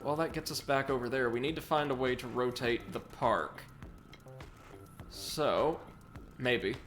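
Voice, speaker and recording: A man's voice: mid-range voice, measured pace. Male let's play host, casual and self-correcting, medium voice, light music bed. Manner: chatty, self-correcting, excitable. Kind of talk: casual gameplay commentary with chat reading.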